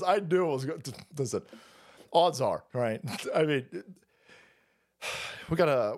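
A man rants through a profane political commentary stream, his pitch rising and falling with lots of movement. He keeps up a heated, foul-mouthed delivery. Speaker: livestream host.

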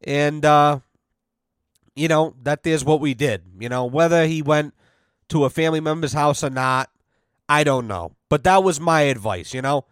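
A man with a fairly high, smooth and resonant voice tells a long, swear-filled story in casual podcast chat. He rambles with many fillers and acts out both sides of a conversation. The sound is dry and close, with no room echo. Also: moderate pace. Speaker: podcast host.

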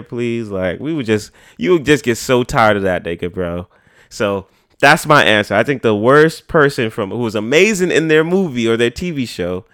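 A man's voice: medium pitch, a bit bright, smooth. A man, hosting a podcast in a slangy, profane, rambling way. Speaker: podcast host. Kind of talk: casual podcast chat.

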